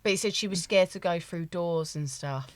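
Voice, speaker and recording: A woman's voice: lowish voice, normal speed, dry recording. A woman co-hosting a podcast, chatting casually with playful quips and interruptions. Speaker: podcast co-host. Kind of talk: casual chat.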